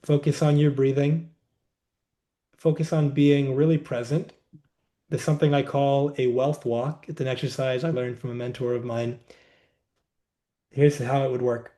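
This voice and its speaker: A man as a podcast guest, calmly explaining a wellness practice in a reflective, conversational way, seated indoors. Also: mid-range voice. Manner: reflective, unhurried, says "like" often. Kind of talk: conversational interview, teaching.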